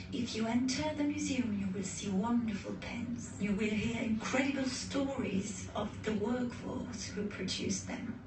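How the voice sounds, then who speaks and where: Curious woman on a museum tour. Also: medium pitch. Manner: curious, asks follow-up questions. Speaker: presenter on a museum visit. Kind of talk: casual guided-tour chat. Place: museum indoors. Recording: echoey room from far off, background noise.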